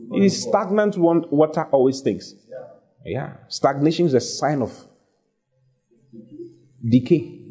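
Lively, husky-voiced male preacher. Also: a little high. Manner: emphatic, repeats phrases, reads scripture aloud. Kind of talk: sermon.

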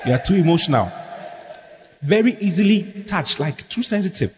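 A man preaches with a high, lively voice, leaning into humor and call-and-response. His speech rings in a hall with a long echo. Faint background noise hangs underneath. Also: normal speed. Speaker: pastor. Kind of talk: sermon.

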